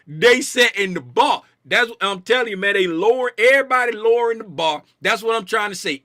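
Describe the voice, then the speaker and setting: A man's voice: sits high, no echo, clean studio sound. A man hosting a casual live stream about the market, joking with his chat in loose slang and repeating himself to drive a point home. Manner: playful, animated, reads chat names aloud and shouts bits of it. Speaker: trading stream host.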